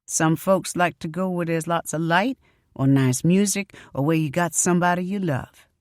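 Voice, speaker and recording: A woman reading an audiobook, voicing a blunt, folksy psychic who talks in a sharp-tongued way. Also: on the low side, moderate pace, dry recording, clean studio sound, natural voice. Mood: solemn.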